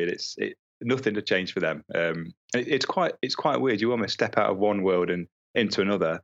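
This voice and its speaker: Deep-voiced young man on a dull line. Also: a little fast, gravelly, hardly any pauses. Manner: reflective, hesitant, many fillers. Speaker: guest, traveler and author. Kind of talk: casual conversational interview.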